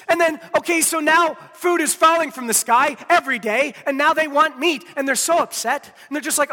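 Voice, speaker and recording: A man's voice: very high-pitched, brisk, hardly any pauses, sharp tone, long reverb tail. A man preaching a sermon, emphatic, repeating key phrases and speaking straight to his listeners. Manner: addresses listeners directly. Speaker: pastor.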